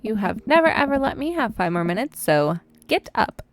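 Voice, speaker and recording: A woman voicing a teasing, bossy teenage daughter with a bright, pushy delivery, in a game read aloud. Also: on the high side, sing-song, normal speed, a little hiss or hum.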